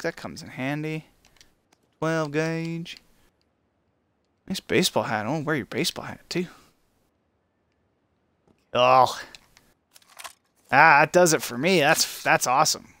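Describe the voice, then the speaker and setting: A young man streaming a shooter game, commenting casually to himself and taunting the players he beats. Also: on the high side. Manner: excitable, talks to himself and to enemies. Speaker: gaming streamer.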